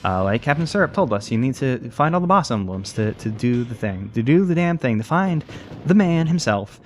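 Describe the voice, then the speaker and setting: A man's voice: mid-range voice, big pitch swings, normal speed, slight background noise. A young man giving casual, rambling, jokey commentary while playing a video game, often correcting himself mid-sentence. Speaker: let's play commentator.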